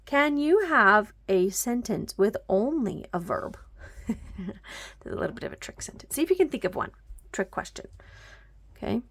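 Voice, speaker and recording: A woman teaches a grammar lesson with a slightly gravelly voice at a middle pitch. She explains patiently, step by step, checking often that listeners follow. Now and then she drops a word almost to a whisper. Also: expressive, unhurried, pauses often, fairly bright tone.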